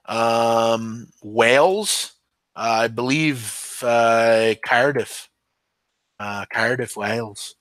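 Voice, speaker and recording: Podcast guy thinking out loud, lots of ums, dry close sound. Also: mid-range voice, extremely slow, no echo. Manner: rambling, hesitant, lots of ums and restarts. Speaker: podcast host. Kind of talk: casual live-stream chat answering viewers.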